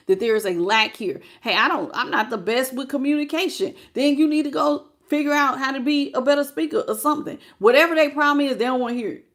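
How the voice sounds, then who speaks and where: A woman's voice: on the high side, fairly bright tone. A woman giving a casual tarot reading, talking bluntly and colloquially and chatting with her viewers. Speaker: tarot reader.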